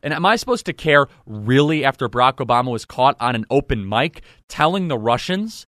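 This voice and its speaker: A man's voice: mid-range voice, big pitch swings, fairly quick, a bit bright, dry recording. Indignant male political commentator, dry sound. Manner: indignant, sarcastic, rhetorical questions. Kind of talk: opinionated commentary monologue.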